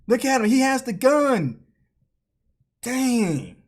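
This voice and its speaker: Animated woman laughing through a reaction video. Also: fairly high pitch, takes it slowly. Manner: animated, frequent laughing and loud exclamations. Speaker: channel host.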